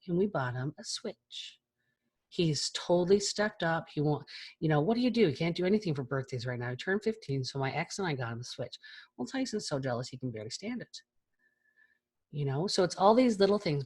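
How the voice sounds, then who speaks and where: A woman's voice: on the low side, lively intonation, fairly quick, darkish tone, slightly rough. A woman in her forties giving a frank, chatty keynote talk over a video call. She swears casually as she speaks to an online audience.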